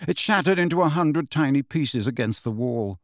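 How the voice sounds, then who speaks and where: A man's voice: mid-range voice, lively intonation, moderate pace, dry recording, studio quality. A man narrating a fantasy novel as an audiobook, reading expressively.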